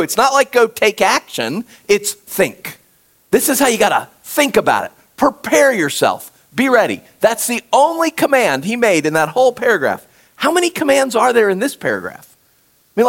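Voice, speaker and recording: Man, pastor, conversational sermon, high voice, very lively pitch, addresses the congregation directly. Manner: animated, talks directly to the congregation. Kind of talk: conversational sermon with scripture reading.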